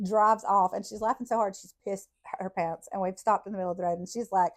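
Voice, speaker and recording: A woman tells childhood stories on her podcast. She talks casually, swears freely and breaks into laughter often. Her voice sits at an ordinary middle pitch for a woman. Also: quick pace. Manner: profane, laughing, animated storytelling. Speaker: podcast host. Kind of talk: casual storytelling.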